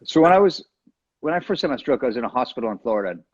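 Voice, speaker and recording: A man talks quickly with a husky edge, tossing off jokes and asides as a guest. His voice comes through a dull, muffled video call line. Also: medium pitch, very animated, a little mellow. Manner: playful, joking, quick asides. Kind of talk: casual chat.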